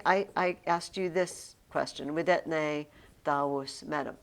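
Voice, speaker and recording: A woman's voice: fairly low pitch, expressive, measured pace. A woman teaching a Latin class to students, chatty and emphatic, with frequent fillers and restarts. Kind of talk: classroom lesson.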